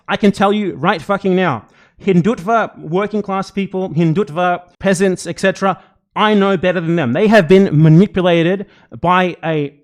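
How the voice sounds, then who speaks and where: A man with a fairly high voice rants through a live reaction stream. He sounds exasperated and furious and swears constantly as he picks apart the clip. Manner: angry, exasperated, heavy swearing.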